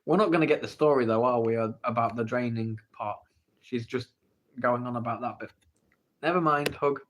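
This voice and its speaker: Speaking at a normal speed in a mid-range voice, this English livestream host reads through the chat on a phone microphone. He's teasing and playful, pestering viewers to give him the story.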